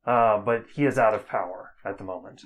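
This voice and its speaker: A man narrating as the game master of a tabletop game, relaxed and full of fillers. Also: fairly low pitch, a little fast, highs cut off.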